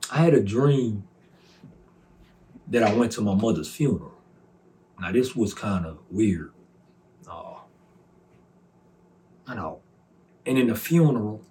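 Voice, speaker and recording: With a warm, fairly low voice and slight background noise, a Southern US man shares an earnest, emotional personal testimony. He repeats himself as his story unfolds.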